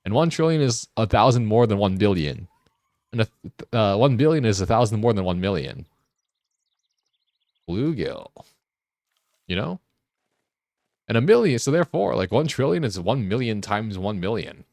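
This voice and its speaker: A man streaming a game, chatting casually, joking and laughing often, and getting excited as he rambles. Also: fairly low pitch, normal speed, long pauses, no room sound, clean studio sound. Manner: gets excited and rambling when riffing. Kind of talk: casual live-stream chat while gaming.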